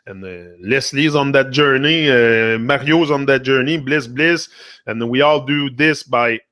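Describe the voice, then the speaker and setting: In clean, dry studio sound, a Quebec man whose first language is French speaks a little slowly in a mid-range, fairly bright voice with a Quebec French accent. He's hosting a live stream of loose motivational talk, wandering back and forth between English and French.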